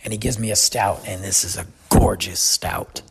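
A man hosting a podcast, telling a travel story in a chatty, animated way. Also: low-pitched, moderate pace, vocal fry, slightly rough. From United States. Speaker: podcast host. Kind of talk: casual storytelling.

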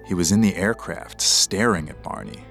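A man with a very low, creaky voice narrates a true story for a scripted podcast. He delivers it in a measured, dramatic way while soft music plays faintly underneath.

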